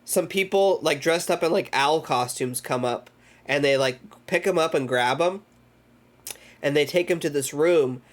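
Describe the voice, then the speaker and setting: Man, slightly high voice, casual streamer, rambly and sweary, recaps a movie live. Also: measured pace. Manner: rambling, profane, loose retelling with acted-out quotes. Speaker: streamer hosting a movie club.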